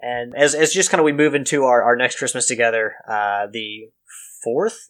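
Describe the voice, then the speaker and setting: A man co-hosting a podcast, talking in a relaxed, halting way with many fillers. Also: mid-range voice. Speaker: podcast co-host. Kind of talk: casual podcast chat.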